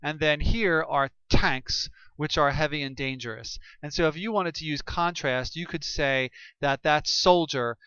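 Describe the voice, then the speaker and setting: A man talks through a lesson in a relaxed, unscripted way, stumbling often and circling back with fillers as he explains. His voice is smooth and resonant, heard close and dry on a slightly dull, lo-fi recording. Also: a little high, dry recording. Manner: halting, many fillers and restarts. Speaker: teacher.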